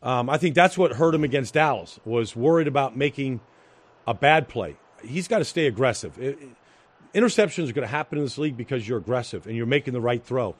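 A man's voice: medium pitch, lively intonation, fairly quick. A middle-aged man giving football analysis as a studio guest, talking emphatically with repeated phrases and fillers. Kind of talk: studio sports analysis chat.

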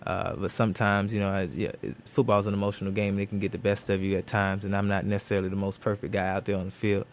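A man's voice: on the low side, level tone, quick pace, a little hiss or hum. A man, a professional football cornerback, answering questions in a studio interview, thoughtful and full of fillers and restarts.

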